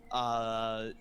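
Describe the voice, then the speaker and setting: A man's voice: lowish voice, fairly bright tone. A man running a tabletop game as game master, narrating in rambling sentences full of fillers.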